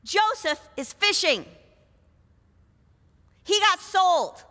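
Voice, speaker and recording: A woman's voice: very high-pitched, big pitch swings, very slow, pushed and bright, in a large hall. A woman preacher retelling a scripture story in a conversational sermon, full of rhetorical questions. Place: church.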